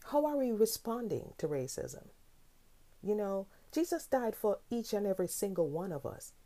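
A woman's voice: medium pitch, big pitch swings, normal speed, mellow. A woman hosting her own podcast, talking earnestly and with growing passion, asking pointed questions. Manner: earnest, impassioned, rising to indignant questions. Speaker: podcast host. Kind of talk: solo podcast talk.

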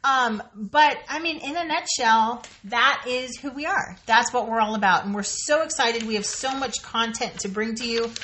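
High-voiced chatty woman podcast co-host. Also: moderate pace, hardly any pauses, bright, forceful tone. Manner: candid and chatty, swears freely. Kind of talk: casual chat.

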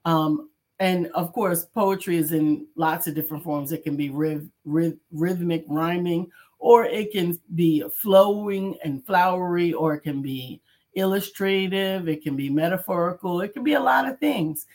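Female co-host, measured, reflective speaker in a casual chat. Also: on the low side, darkish tone.

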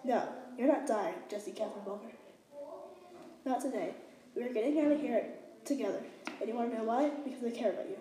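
A woman's voice: on the high side, brisk, a crowd in the background, lightly acted. A woman reading aloud as a frightened teenage boy who stammers and pleads in a panic. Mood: earnest.

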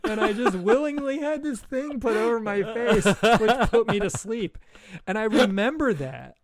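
A man's voice: high voice, expressive, measured pace, dry recording, studio quality. A man in his forties rambling through a casual podcast chat and laughing often while he tells stories. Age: 40s. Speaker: podcast co-host.

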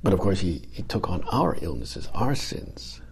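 A man preaching an informal homily in a conversational, halting way, with restarts and frequent dips into a whisper. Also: low-pitched, very animated, vocal fry, breathy edge.

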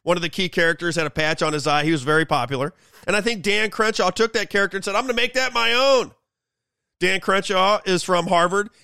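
Gravelly high-voiced male host. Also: fast talker, bright, forceful tone, no room sound. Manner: sarcastic, mocking. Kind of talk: political commentary monologue.

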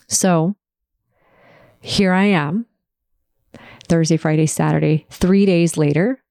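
Gravelly-voiced woman telling a personal story. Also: on the low side, steady tone, slow, pauses often, warm tone, dry recording, studio quality. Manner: emotional, tells story with quoted dialogue. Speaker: podcast host.

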